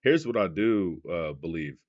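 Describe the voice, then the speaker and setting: A man's voice: deep voice, animated, a little slow. A man hosting a reaction video, commenting casually and throwing questions at his viewers. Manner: loose, questioning, speaks to viewers. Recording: dull muffled recording.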